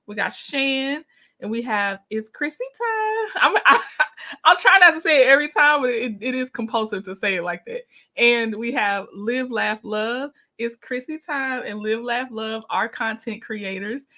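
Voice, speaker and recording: A woman's voice: fairly high pitch, moderate pace, pushed and bright. Chatty woman hosting a livestream. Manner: greets viewers by name, laughs often. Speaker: livestream host. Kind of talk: casual livestream chat.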